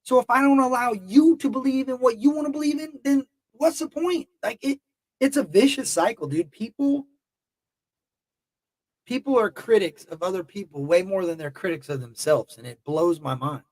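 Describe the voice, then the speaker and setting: A man with a high-pitched voice talks straight to his livestream chat, blunt and heated, swearing freely. He rambles and circles back on himself. The sound is dry, with no room echo. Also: expressive, moderate pace. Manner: emotional and heated. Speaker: YouTube livestream host. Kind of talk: casual livestream talk to chat.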